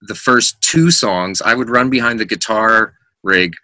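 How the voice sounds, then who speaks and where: A middle-aged man, a rock singer, telling animated stories in a casual podcast interview, acting out the voices of people in his anecdotes and laughing often. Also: fairly low pitch, measured pace, no room sound.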